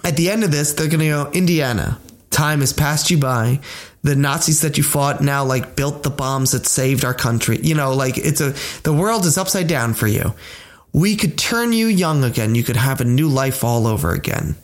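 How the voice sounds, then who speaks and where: A young man co-hosting a casual podcast chat, animated and joking, acting out silly bits in put-on voices. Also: mid-range voice, normal speed. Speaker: podcast co-host.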